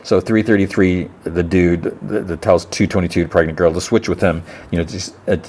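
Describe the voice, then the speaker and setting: A man's voice: low voice, fairly even intonation, fairly quick, darkish tone, slight background noise. A man hosting a podcast, casually retelling a TV episode in a rambling way, stumbling and repeating words. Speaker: podcast host.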